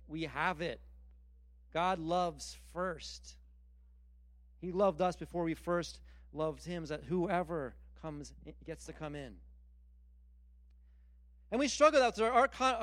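High-voiced man preaching a sermon. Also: dry recording. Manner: animated, repetitive emphasis with stammered restarts. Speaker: pastor.

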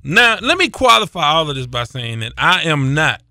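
A middle-aged man hosts a casual sports podcast in a bright, ringing voice, recorded dry and close. He talks in an animated, self-deprecating way and laughs often. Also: on the high side, moderate pace, no echo. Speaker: podcast host.

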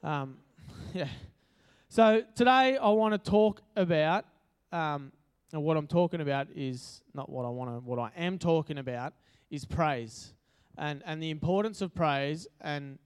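A man's voice: on the high side, expressive, unhurried, smooth. An Australian man giving a casual, chatty sermon at church, joking and using lots of fillers. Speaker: preacher. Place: church hall.

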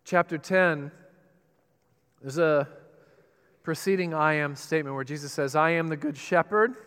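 A man preaching a sermon with dramatic pauses and rising emphasis. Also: a little high, a bit bright, smooth. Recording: reverberant hall.

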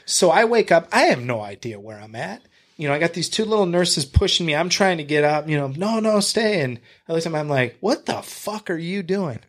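A man's voice: fairly high pitch, quick pace. A man from Michigan, a podcast guest, telling stories in casual conversation, acting out what people said and swearing freely. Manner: animated storyteller who acts out what people said, swears freely.

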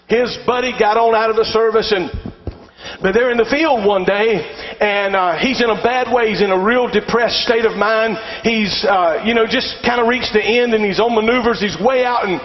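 A pastor preaching a sermon, swinging from raised, shouted exhortation to quieter storytelling. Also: male voice, sits high, normal speed. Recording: dull lo-fi sound in a long-reverb hall.

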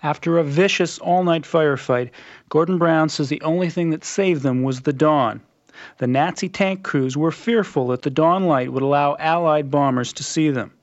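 A man reading scripted documentary narration in a measured, dramatic storytelling manner. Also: fairly high pitch, dry recording. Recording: muffled lo-fi radio recording.

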